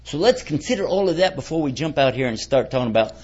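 A man's voice: a little high, expressive, fast talker, darkish tone. A man giving a conversational religious lecture, a folksy preacher who keeps quizzing his audience. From United States. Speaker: Islamic preacher. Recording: dull lo-fi recording.

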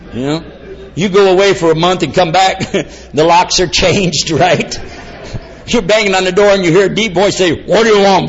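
Animated preacher man, lo-fi sound. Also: on the high side, slightly rough. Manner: animated, asks the audience questions, jokes. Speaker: Islamic preacher. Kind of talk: lecture to a live audience. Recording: dull lo-fi sound.

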